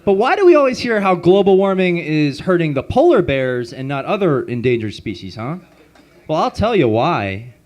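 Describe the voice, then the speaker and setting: A man with a slightly high voice performs a stand-up set on a comedy club stage. He delivers deadpan setups and quick punchlines through a handheld mic and sometimes laughs at his own jokes. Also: lo-fi sound.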